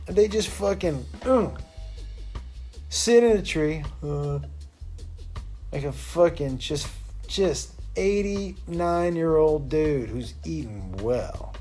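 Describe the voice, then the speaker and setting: A man's voice: on the high side, expressive, slow, warm tone, faint music behind. A man hosting a comedy show, telling a crude, rambling story and laughing often. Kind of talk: loose stand-up storytelling.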